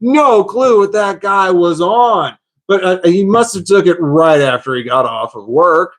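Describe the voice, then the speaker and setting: A man recounts a story in loose, casual talk with a high-pitched voice. He rambles and circles back over his own words, dropping swear words along the way. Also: lively intonation, unhurried. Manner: rambling, repeats himself, swears. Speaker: vlogger.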